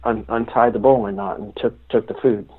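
A man's voice: fairly low pitch, steady tone, breathy edge. Man telling stories over a phone line. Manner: rambling, halting with many restarts. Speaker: guest. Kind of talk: casual storytelling. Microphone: phone call.

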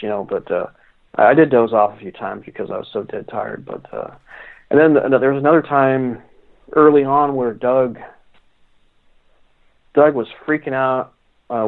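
A male guest telling stories in a rambling, halting way, often restarting his sentences. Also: medium pitch, fairly even intonation. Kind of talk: casual storytelling. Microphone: phone call. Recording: phone line.

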